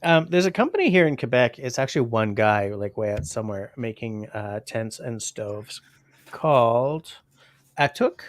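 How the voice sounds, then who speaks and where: A man of fifty hosting a casual livestream, rambling along and reading viewer comments out loud. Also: medium pitch, expressive, moderate pace, no echo. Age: 50s. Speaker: livestream host.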